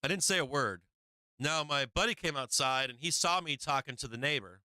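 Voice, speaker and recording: A man's voice: medium pitch, fairly quick, bright, forceful tone, dry recording. A man hosting a live stream, telling a rambling, profane story in a casual way, repeating himself and chuckling as he goes. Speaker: live-stream market show host.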